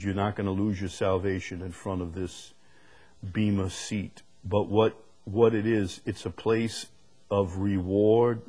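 A man preaching a sermon, reading scripture slowly and building to sudden emphatic rises on key words. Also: fairly low pitch, darkish tone. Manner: slow deliberate delivery with sudden emphatic rises; reads scripture aloud in slow stretched phrases.

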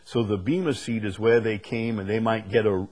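A man preaching a sermon, reading scripture slowly and building to sudden emphatic rises on key words. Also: on the low side, steady tone, a little mellow. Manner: slow deliberate delivery with sudden emphatic rises; reads scripture aloud in slow stretched phrases.

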